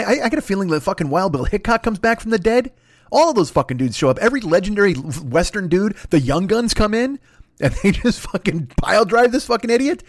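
A middle-aged man hosting a podcast, telling stories in a crude, swearing, animated comedic rant. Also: sits high, dry recording, studio quality. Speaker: podcast host.

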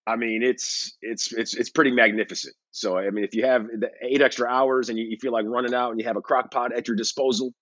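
A man's voice: mid-range voice, fairly even intonation, brisk, hardly any pauses, fairly bright tone, dry recording, dull audio. Casual man hosting a sports podcast. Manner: conversational, rambling with fillers. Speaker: podcast host.

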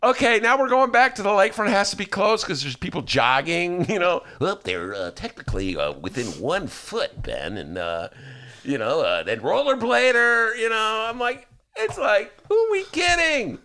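A man hosting a podcast, talking in a sarcastic, animated way and mocking people with put-on voices. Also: sits high, normal speed. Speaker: podcast host. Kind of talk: casual political chat.

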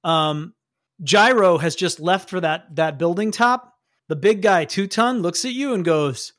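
A game master narrating a tabletop role-playing game in a lively, explanatory way. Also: mid-range voice, measured pace, no echo, clean studio sound. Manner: lively, explanatory, laughs often.

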